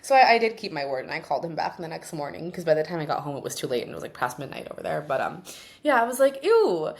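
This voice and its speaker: Woman, young, podcast co-host, casual chat, animated storytelling, lowish voice. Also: racing, creaky. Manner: animated storytelling, acts out both sides of conversations.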